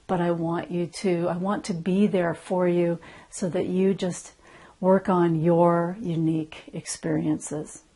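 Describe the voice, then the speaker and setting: A middle-aged woman gently guiding listeners through an emotional tapping session, speaking slowly and softly. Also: fairly low pitch. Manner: gentle, slow and soothing, often soft and hushed. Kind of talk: guided EFT tapping session.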